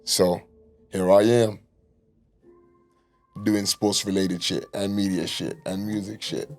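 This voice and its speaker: A man's voice: low voice, little pitch movement, slow pace, faint music behind. A young man hosting a casual podcast chat, loose and joking with plenty of slang and swearing. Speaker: podcast host.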